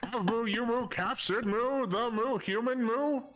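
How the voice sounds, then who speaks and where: A man's voice: extremely high pitch, a little slow, a bit bright, pitched above the performer's own voice. A man voicing a goofy, dim-witted young male cartoon slacker who tacks a cow moo onto every word. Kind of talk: comedic character voice on a live stream.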